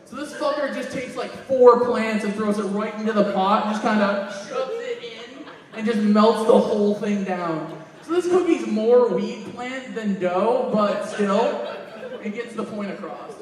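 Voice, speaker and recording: A man's voice: sits high, unhurried. A man doing stand-up comedy at a convention, telling crude stories and acting out the quoted lines. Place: convention panel room. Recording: echoey hall, mic from far off.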